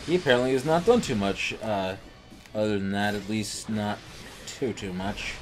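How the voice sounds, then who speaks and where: A man's voice: on the low side, moderate pace, soft background music. A man chatting casually beside a gameplay session, easygoing and prone to trivia tangents. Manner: easygoing, chatty, gets sidetracked looking up trivia. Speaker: co-commentator. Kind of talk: casual chat over gameplay.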